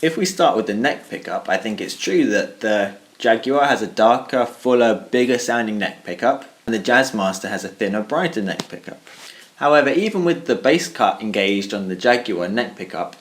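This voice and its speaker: A man giving a measured spoken summary of a gear comparison, weighing his points thoughtfully and hedging often. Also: lowish voice. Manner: thoughtful and even, hedging with "I think" and "kind of". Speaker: guitarist reviewing his own tone clips.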